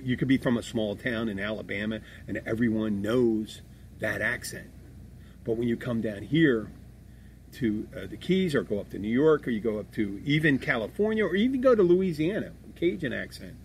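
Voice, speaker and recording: Middle-aged guy, bartender podcast host, rambly and swears a lot, medium pitch, slight noise. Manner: rambling, profane, restarts a lot. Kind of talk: casual podcast chat. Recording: faint background noise.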